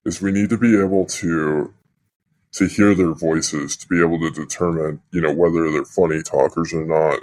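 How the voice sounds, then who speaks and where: A man's voice: low voice, a little mellow. A man co-hosting a podcast in casual chat, opinionated and full of filler phrases. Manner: opinionated, lots of "you know" fillers. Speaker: podcast co-host.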